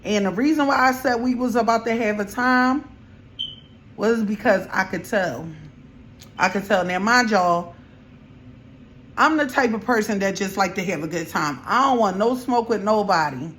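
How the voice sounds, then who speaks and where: A young woman vlogger chatting through a storytime while she does her makeup, animated and slangy. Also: mid-range voice, moderate pace, pauses often, slight background noise.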